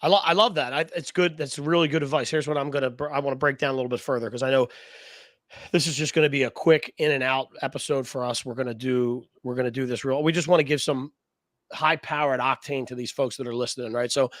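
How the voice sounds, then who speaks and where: A man hosting a podcast, asking energetic, rambling questions in a casual interview. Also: medium pitch, quick pace, no echo. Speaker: podcast host.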